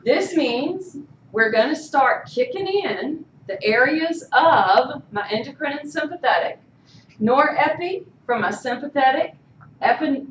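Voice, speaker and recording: A woman's voice: high voice, slight background noise. A woman instructor giving a classroom lecture, asking her students questions and often checking in with "okay?". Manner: animated, keeps checking in with "okay?". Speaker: college instructor. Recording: echoey room, voice from far off, muffled.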